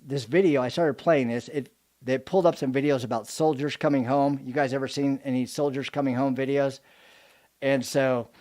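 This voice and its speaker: A man giving a motivational live talk as a business coach, telling animated stories and joking with his audience. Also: medium pitch. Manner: animated storytelling, jokes to the audience.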